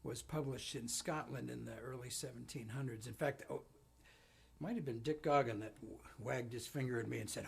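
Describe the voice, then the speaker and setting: Male folk musician, gravelly voice, rambling and self-deprecating, guitar behind. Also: medium pitch, fairly even intonation, brisk. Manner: rambling, self-deprecating storytelling with many ums. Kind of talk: casual song introduction on live stream. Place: home studio. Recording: live music stream with guitar.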